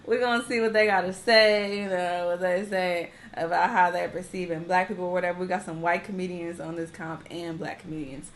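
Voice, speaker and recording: A woman's voice: fairly low pitch, fairly even intonation, fairly quick, hardly any pauses. A woman hosting a reaction video, chatting in a laid-back way with lots of slang. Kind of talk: casual reaction commentary.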